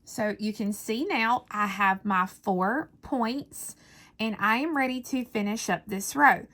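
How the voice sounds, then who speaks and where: A woman's voice: fairly high pitch, slow pace, fairly bright tone. A woman giving a patient, methodical step-by-step beading tutorial, counting beads aloud as she works. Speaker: beading instructor.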